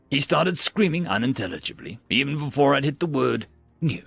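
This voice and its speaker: A man's voice: mid-range voice, expressive, brisk, gravelly, a bit bright, slightly rough, no echo, soft background music. A man narrating a sci-fi story in a wry, theatrical storytelling manner.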